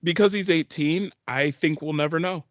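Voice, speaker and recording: A man's voice: on the high side, moderate pace, no echo, muffled recording. A man co-hosting a podcast, teasing his friend and pushing his point again and again. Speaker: podcast co-host. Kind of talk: casual chat.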